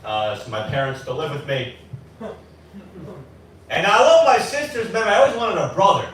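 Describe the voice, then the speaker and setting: A man's voice: high-pitched, animated, normal speed, a bit bright. A man in his twenties doing a rambling, self-deprecating stand-up set at an open mic. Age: 20s. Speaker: stand-up comic. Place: small bar with live audience. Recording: very echoey room from far off.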